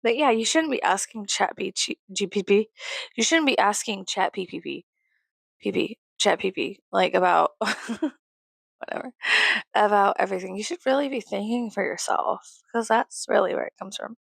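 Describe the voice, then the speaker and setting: Young texas woman rambling on her vlog, cusses a lot, kinda gravelly, dry close sound. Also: mid-range voice, moderate pace, no echo. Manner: rambling, swearing, laughing often. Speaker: YouTuber. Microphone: close mic.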